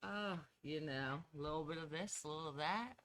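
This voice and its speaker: A woman chatting as a podcast guest, telling lively personal stories and laughing easily. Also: sits low, a little fast. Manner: animated storyteller, laughs easily. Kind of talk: casual storytelling chat.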